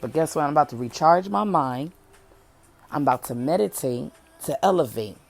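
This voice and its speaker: Woman, very deep voice, casual motivational talk, candid, preachy, repeats for emphasis. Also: animated, normal speed, creaky. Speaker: podcast host.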